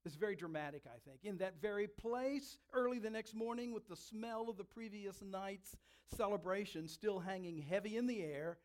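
Guy preaching a sermon, kinda high voice, dramatic, drags out the big words. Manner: dramatic, emphatic preaching with slowed stresses.

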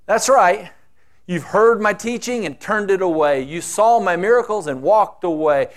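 High-voiced preacher, slow and dramatic. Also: male voice, expressive. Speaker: pastor. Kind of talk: sermon.

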